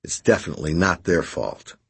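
A man's voice: sits low, expressive, a little fast, vocal fry, husky, exaggerated voice. A man reading an audiobook, voicing a tired working man who speaks in a dry, teasing way. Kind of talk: audiobook character voice.

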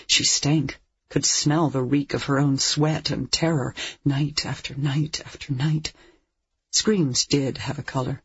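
An audiobook narrator reading a dark thriller in a measured, tense way. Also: mid-range voice, slightly rough, no room sound. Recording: dull lo-fi recording.

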